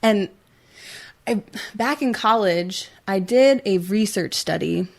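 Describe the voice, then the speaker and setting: A woman's voice: medium pitch, slow, gravelly. A young woman co-hosting a talk show, speaking earnestly in casual chat, full of "like" fillers and getting emotional. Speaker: co-host.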